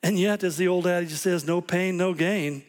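A man's voice: sits high, normal speed. A man preaching a sermon, telling stories and acting out quoted voices with animation. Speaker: pastor.

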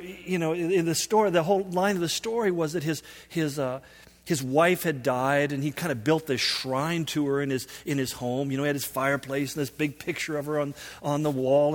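A man's voice: high voice, a bit bright. A man giving a sermon as a pastor, telling stories in a conversational way and building up to emphatic peaks. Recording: long hall reverb.

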